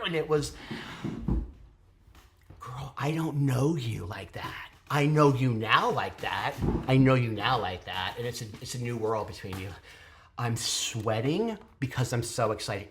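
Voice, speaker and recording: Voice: mid-range voice, unhurried, fairly bright tone. A theatre reviewer vlogging in a gushing, theatrical way, rambling and interrupting themself, with whispered asides. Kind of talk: excited casual review monologue.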